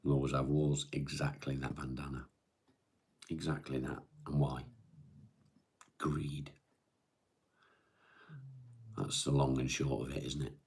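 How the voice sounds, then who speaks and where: A middle-aged man hosting a live stream, chatting in a weary, halting way with many restarts. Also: a bass voice, little pitch movement, darkish tone, slightly rough. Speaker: live-stream host reading viewer comments. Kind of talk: casual chat.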